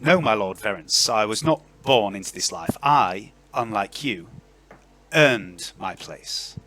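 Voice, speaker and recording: A man's voice: lowish voice, expressive, takes it slowly, pushed and bright, exaggerated voice. A man voicing a composed noblewoman who answers an insult with cool, cutting defiance.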